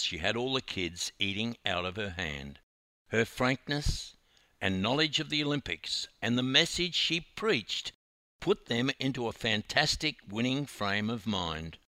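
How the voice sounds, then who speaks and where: An Australian man narrating his own memoir with wry, animated storytelling. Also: on the low side, no echo, clean studio sound.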